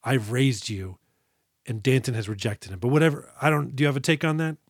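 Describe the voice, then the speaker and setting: A man's voice: mid-range voice, very fast, dry recording. Man, podcast co-host, comedic movie chat, laughs mid-sentence, dry close mic.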